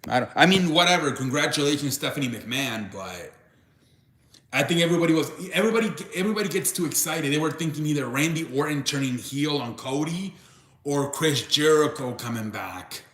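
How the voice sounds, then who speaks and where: A man's voice: on the high side, expressive, a little fast, fairly bright tone. A young man hosting a casual live stream, rambling and restarting his sentences as he reacts to chat. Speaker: live show host. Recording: echoey room.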